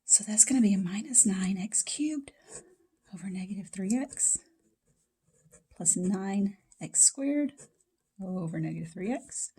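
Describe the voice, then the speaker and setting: A woman with a medium-pitched, mellow, husky voice teaches math in a casual recorded lecture from her home basement. She's chatty and speaks directly to her students.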